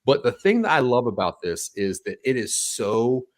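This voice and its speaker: A man's voice: mid-range voice, sing-song, moderate pace. A man chatting on a podcast about TV shows, enthusiastic and rambling, with lots of fillers and restarts. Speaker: podcast guest reviewing TV. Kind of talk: casual podcast chat.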